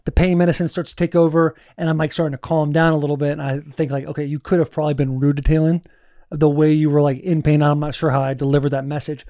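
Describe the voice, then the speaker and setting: A man in his thirties with a slightly high voice shares a story on a studio podcast. He swears freely and keeps the telling animated. The recording is dry and close. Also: quick pace, no echo. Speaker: podcast co-host, former football player. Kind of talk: casual chat.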